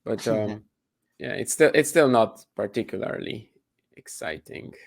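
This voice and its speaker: A man with a gravelly, fry-laced voice trades blunt tennis opinions in casual chat. He leans on fillers and sounds dismissive of dull matchups. He is heard over a remote call setup. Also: on the low side, moderate pace. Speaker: co-host tennis pundit.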